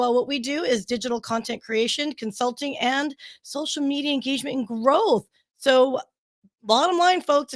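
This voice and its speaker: A woman's voice: sits high, a bit bright, no room sound. A woman co-hosting and producing a show, chatting casually on a video call, bubbly and rambling with enthusiasm. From Southern Oklahoma. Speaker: co-host and producer. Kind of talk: casual chat.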